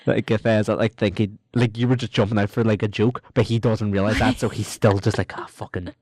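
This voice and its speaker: A man co-hosting a podcast, chatting casually and jumping into squeaky joke voices. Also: a little fast, no room sound, clean studio sound. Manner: animated, breaks into squeaky voices for jokes. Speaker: podcast co-host. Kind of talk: casual chat.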